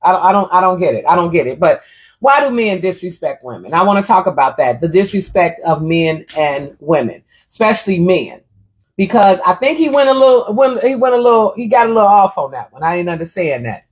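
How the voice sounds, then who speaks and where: A middle-aged woman hosting a casual livestream, telling a story in an animated, indignant way and reading viewer comments aloud. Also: lowish voice, a little fast, a little hiss or hum. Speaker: livestream host.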